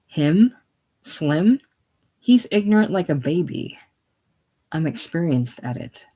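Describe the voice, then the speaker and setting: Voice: mid-range voice, very animated, takes it slowly, mellow, husky, heavily acted. A reader voicing a crude, pushy young male sailor in a casual play reading, blunt and offhand. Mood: coaxing.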